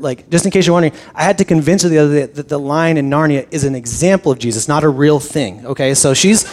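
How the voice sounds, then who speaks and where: A man with a slightly high voice gives a sermon as a relaxed personal story. He talks like a pastor chatting with his congregation, animated and repeating words as he restarts his sentences. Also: quick pace.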